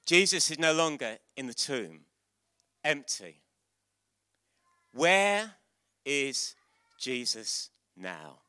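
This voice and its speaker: A man preaching an Easter sermon to a church, questioning children and calling out loud exclamations. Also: mid-range voice, drawn-out words, pauses often, no echo. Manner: lively, interactive, bursts into loud exclamations.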